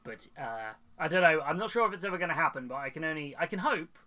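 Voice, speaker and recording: Man, hobby streamer: bright, slightly high voice, loose rambling chat. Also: lively intonation, quick pace. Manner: rambling and chatty, with many fillers and restarts. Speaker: hobby streamer and model kit seller. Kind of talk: casual live-stream chat while building models.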